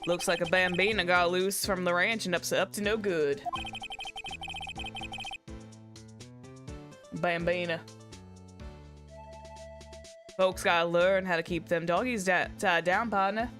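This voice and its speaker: A woman voicing a cocky male cowboy lawman with a put-on Southern drawl, over loud game music. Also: mid-range voice, animated, unhurried, few pauses. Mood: swaggering. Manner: Southern drawl, swaggering threats.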